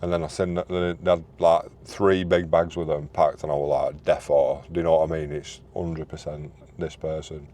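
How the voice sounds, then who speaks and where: A man's voice: low voice, brisk, hardly any pauses. A young man, telling a story in a casual, slangy way outdoors by a road. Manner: animated, slangy storytelling with put-on quoted voices. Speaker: vlogger. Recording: loud traffic noise outdoors.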